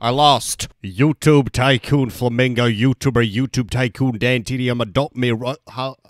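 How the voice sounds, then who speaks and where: Young man, gaming YouTuber, sarcastic and self-mocking, clear smooth voice, dry close mic. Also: mid-range voice, fairly even intonation, normal speed, no room sound. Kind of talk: Roblox gameplay commentary.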